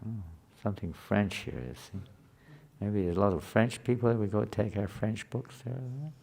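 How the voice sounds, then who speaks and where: A man's voice: on the low side, normal speed, creaky, a little mellow. A man teaching a scripture class to a live group in a conversational way, often asking the listeners questions.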